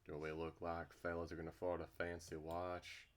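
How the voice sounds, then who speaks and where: A young man reading a rough, wary young man's lines in a game, with a gruff manner. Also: low voice, completely flat delivery, normal speed, voice pushed down, lightly acted.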